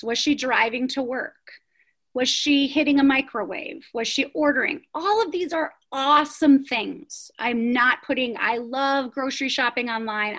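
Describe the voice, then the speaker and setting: Middle-aged woman, high-ish voice, passionate founder being interviewed, punchy rhetorical questions. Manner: energetic, emphatic, many rhetorical questions. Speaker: prenatal yoga studio founder. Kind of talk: interview storytelling.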